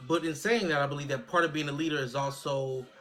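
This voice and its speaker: This is a man in his thirties on a casual podcast, with a bright, forward voice that sits a little high for a man. He talks earnestly and reflectively, and he keeps checking in with his listener with "right?". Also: steady tone, fast. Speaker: podcast co-host.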